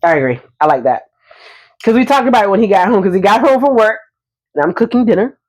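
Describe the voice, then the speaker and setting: A woman's voice: mid-range voice, lively intonation, fast, a little mellow. A woman podcast co-host chatting casually with a friend, animatedly acting out both sides of a conversation with her husband. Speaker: married housewife and mother. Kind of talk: casual chat between friends.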